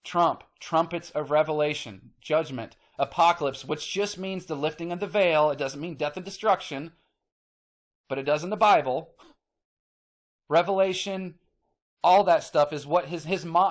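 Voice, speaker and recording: A man hosting his own channel, ranting emphatically to the camera, repeating himself, swearing casually and getting worked up. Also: fairly high pitch. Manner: emphatic, repetitive, gets worked up. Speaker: channel host.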